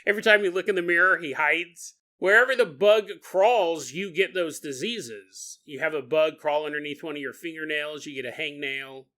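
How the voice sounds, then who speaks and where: Man, podcast host, high bright voice, joking storyteller, laughs a lot, quick silly voices. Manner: jokey, laughs often, slips into quick silly character voices. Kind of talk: comedic paranormal storytelling.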